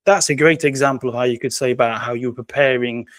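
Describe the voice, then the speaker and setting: A man's voice: medium pitch, fairly even intonation, fast talker, a bit bright. A British man talks loosely in a casual interview and repeats himself as he goes, with a chuckle here and there. His voice sits in a middle range. The sound is close and dry, with no room echo. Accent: British English. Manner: rambling, repeats words, chuckles often. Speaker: interview guest, entrepreneur.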